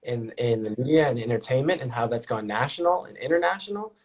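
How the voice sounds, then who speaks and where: A man's voice: mid-range voice, animated, fast. A man speaking as a podcast guest, talking passionately and repeating his points for emphasis. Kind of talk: casual conversation.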